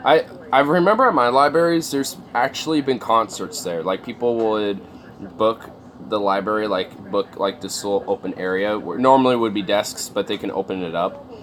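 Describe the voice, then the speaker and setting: A man's voice: on the low side, moderate pace, a bit bright, a little hiss or hum. A man chatting casually on a livestream, rambling and swearing, with lots of fillers. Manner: rambling, profane, many fillers.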